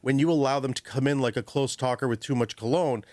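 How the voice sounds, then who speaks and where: A man talks through dog training on a radio program, his voice sitting in a middle register. He's animated and chatty, acting out owners and dogs as he goes. The studio sound is close and dry. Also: mid-range voice, quick pace, no echo. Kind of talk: radio call-in advice. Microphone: studio microphone.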